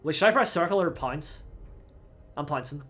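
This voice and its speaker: A young man hosting a gaming channel, giving let's play commentary; excitable, he yells at the game and swears. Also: fairly high pitch, moderate pace.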